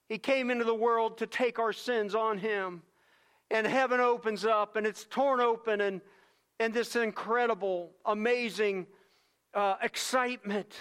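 A man preaching a sermon, earnest and emphatic, repeating phrases and swinging between hushed stretches and louder bursts. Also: high voice, clear, resonant tone. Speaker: pastor.

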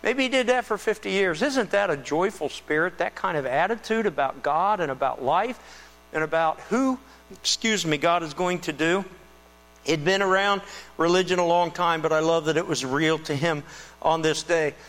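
A male pastor giving a conversational, animated sermon, retelling a scripture scene. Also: on the high side, moderate pace. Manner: conversational, animated storytelling with restarts. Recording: reverberant hall with mains hum.

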